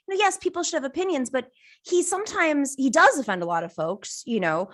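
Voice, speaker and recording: A woman from Buffalo, a journalist and political commentator, giving opinions as a guest in a casual chat. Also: high-pitched. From Buffalo, United States. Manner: quick, expressive opinionated talk.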